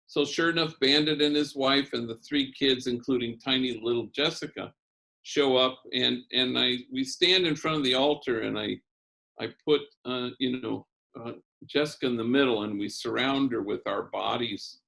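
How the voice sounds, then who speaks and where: A man's voice: mid-range voice, moderate pace, vocal fry, bright, forceful tone. An older man, a priest, giving a keynote sermon as a conversational story with Spanish words sprinkled in.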